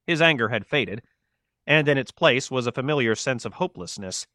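Male narrator, bright forward tone, dry close sound, steady measured read for audiobook fiction. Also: medium pitch, no echo. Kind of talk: scripted narration.

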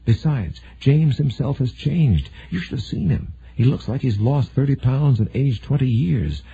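A man's voice: medium pitch, lively intonation, normal speed, gravelly, warm tone, breathy edge, pitched above the performer's own voice, full character voice. A man playing a blunt, determined Air Force colonel. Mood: firm. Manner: firm, blunt, decisive. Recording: narrow phone-like sound.

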